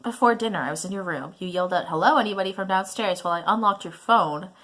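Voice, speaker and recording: A woman's voice: medium pitch, fast talker, fairly bright tone, lightly acted. A woman reading a prying, controlling mother. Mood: scolding. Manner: nagging, guilt-tripping.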